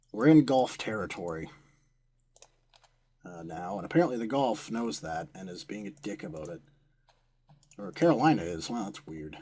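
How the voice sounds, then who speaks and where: A man's voice: on the low side, a little mellow. A young American man commenting on a strategy war game he is playing, sarcastic and given to swearing at the computer opponents. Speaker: gameplay commentator.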